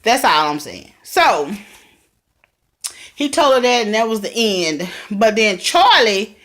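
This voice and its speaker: Woman vlogger, chatty TV recap, excitable, speaks to camera, pitched a bit high. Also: slow pace. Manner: chatty and excitable, talks straight to viewers. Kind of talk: casual TV recap vlog.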